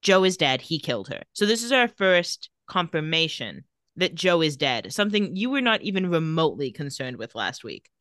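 A podcast co-host with a bright, sharp, slightly low-pitched voice talks close to a dry mic with no room sound. In a casual recap chat, she quickly retells scenes and reads the characters' lines in an even voice.

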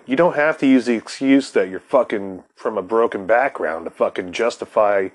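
A man's voice: lowish voice, moderate pace, few pauses. A middle-aged man hosting a podcast, talking casually in a rambling way, swearing heavily as he goes. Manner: profane, rambling, heavy swearing. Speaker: podcast host. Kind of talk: casual chat.

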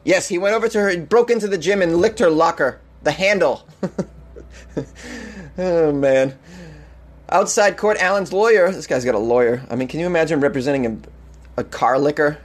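A man's voice: a little high, moderate pace, pauses often. Sarcastic man riffing on odd news. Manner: sarcastic, mocking, laughs often. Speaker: podcast host. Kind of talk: comedic news commentary.

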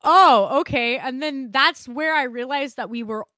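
Young woman podcast co-host, casual storyteller, crisp bright voice, dry close sound. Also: high voice, unhurried, no room sound. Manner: animated, swears freely, laughs often.

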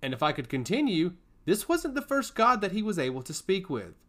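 A smug male schemer who taunts everyone around him and giggles as he talks. A man puts on this voice, pitched noticeably high and lively, for a storybook reading. It sounds sly and pleased with itself. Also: a little fast. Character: smug scheming male god-touched servant.

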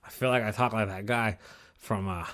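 A man hosting his own show alone, talking in a casual, rambling rant full of swearing, his pitch jumping up when worked up. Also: normal speed. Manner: profane, rambling, animated swings in pitch. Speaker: podcast host.

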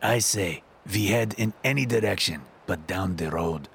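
A man's voice: low voice, moderate pace, fairly bright tone, slight background noise. A man voicing an older, gray-bearded Russian man with a thick Russian accent, speaking bluntly and heartily. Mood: earnest. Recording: narration over clear music.

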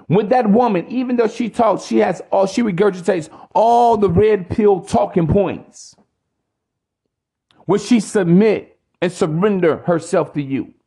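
Gravelly preachy male podcast ranter. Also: sits high, dark tone. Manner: preachy, profane, repetitive. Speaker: podcast host. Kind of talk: ranting podcast monologue.

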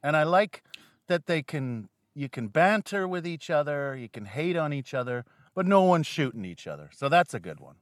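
A man's voice: fairly high pitch, big pitch swings, normal speed, dry recording, clean studio sound. A man from Canada, a guest comedian in a casual podcast chat, rambling and swearing freely with a self-deprecating streak.

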